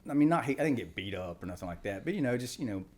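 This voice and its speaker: A man's voice: mid-range voice, lively intonation, racing, a little mellow. A man in his forties, a retired Marine guest on a podcast, telling stories in a rambling, casual way full of asides. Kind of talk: casual storytelling chat.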